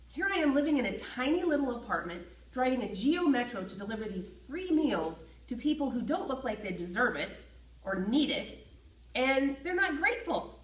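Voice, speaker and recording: A woman telling a personal story in a lively way, acting out her own feelings as she goes. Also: medium pitch, moderate pace. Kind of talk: personal story told to camera. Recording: roomy echo, voice from a distance from the mic.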